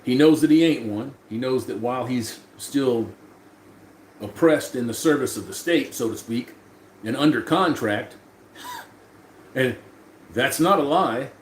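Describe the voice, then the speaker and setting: A man's voice: medium pitch, a little slow, pauses often. Man, livestream host, loose profane chat, roomy echo, faint hum behind. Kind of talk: casual live chat.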